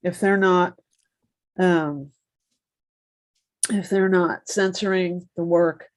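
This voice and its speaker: A host of a poetry event, talking casually to the audience with a few fillers. The voice sits at mid pitch and the sound is dry and close. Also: fairly even intonation, takes it slowly, no room sound. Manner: conversational, with fillers.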